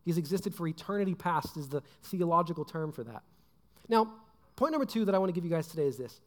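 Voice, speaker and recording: A man's voice: fairly high pitch, lively intonation, fast. A young adult man giving a casual sermon, chatty and full of fillers like "like" and "right?". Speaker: preacher. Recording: long hall reverb.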